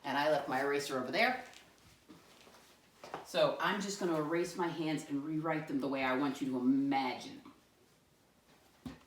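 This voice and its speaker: A woman's voice: low voice, moderate pace, pauses often, slight background noise. A woman teaching young children, asking patient, sing-song questions. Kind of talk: classroom lesson for young children. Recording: echoey room, mic far off.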